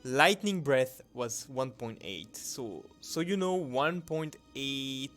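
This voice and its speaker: A man commenting on his gameplay, reading patch notes aloud in non-native English phrasing and breaking into excited exclamations. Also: medium pitch, slow. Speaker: channel host. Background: background music.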